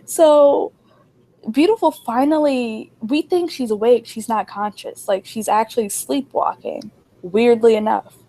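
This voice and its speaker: A young woman co-hosting a casual chat, telling a wild story and acting out the people in it with her voice jumping up high. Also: moderate pace. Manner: animated, acts out quotes in a raised voice. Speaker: podcast co-host.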